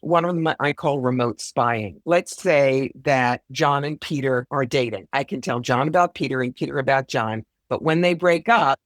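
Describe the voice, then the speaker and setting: A woman's voice: extremely low pitch, moderate pace, hardly any pauses, no room sound, clean studio sound. A woman being interviewed as a psychic guest, speaking bluntly with wry, self-deprecating humor. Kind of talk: conversational interview.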